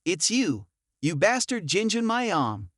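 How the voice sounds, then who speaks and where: A man's voice: high voice, very animated, slow, dry recording, studio quality, exaggerated voice. Man doing a furious drunken old brute. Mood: drunken rage. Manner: shouting, cursing.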